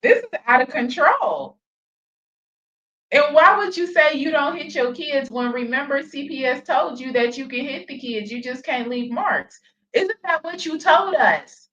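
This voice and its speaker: A woman's voice: high-pitched, lively intonation, unhurried, fairly bright tone, dull audio. A woman hosting reaction commentary, sarcastic and exasperated. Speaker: commentary host.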